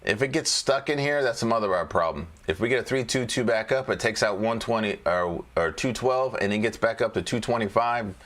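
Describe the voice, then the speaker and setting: A man with a somewhat low voice talks through stock charts in a loose, casual way. He repeats phrases, riffs on the side, and laughs to himself as he works through the list. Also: lively intonation, brisk, few pauses, a bit bright. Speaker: trading educator. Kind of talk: casual screen-share chart walkthrough.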